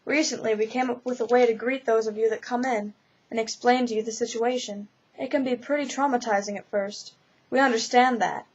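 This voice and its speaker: A woman voicing an older, brisk, matter-of-fact spirit who guides a newcomer, read in a storybook manner, on a slightly dull lo-fi recording. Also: a little high, fairly even intonation, lightly acted.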